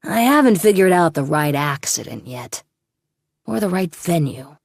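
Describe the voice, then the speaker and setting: A woman reading the lines of a cruel male kidnapper in an audiobook, with a cold, mocking, softly menacing manner. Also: lowish voice, sing-song, a little slow, creaky, dry recording, clean studio sound, full character voice.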